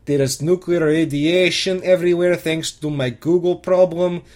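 A man's voice: a little high, fairly even intonation, moderate pace, a little mellow. A man delivering a comedic first-person monologue, rambling and crude, with lots of restarts.

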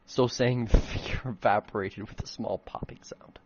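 A man's voice: fairly low pitch, fairly even intonation, normal speed, dull audio, background noise. A man reading his own old fan fiction aloud in a comedic dramatic reading, breaking off for self-mocking, swearing asides.

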